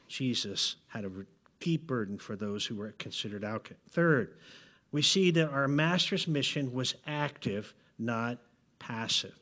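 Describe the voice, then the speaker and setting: Man, pastor, mid-pitched, preaching earnestly with soft trailing phrase endings. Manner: earnest, pleading, with dramatic drops in volume at phrase ends. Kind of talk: sermon. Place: church sanctuary.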